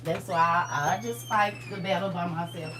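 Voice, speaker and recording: Woman livestream host, casual storytelling, animated and blunt delivery. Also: on the low side, normal speed, music in the background. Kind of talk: casual storytelling to a live chat.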